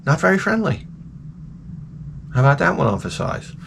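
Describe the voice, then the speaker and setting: A man's voice: fairly high pitch, very animated, normal speed, vocal fry, fairly bright tone, slight background noise. A man hosting a casual talk show, rambling and ranting crudely, often slipping into mocking voices. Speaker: podcast host. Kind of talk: rambling profane casual chat.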